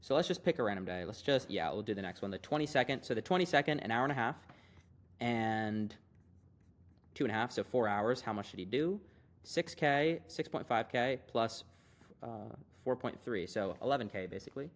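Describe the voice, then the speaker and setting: A man's voice: medium pitch, expressive. Hyped young man on a screen-share. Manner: hyped, fast, conversational with frequent fillers. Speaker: online business coach. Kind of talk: casual screen-share tutorial.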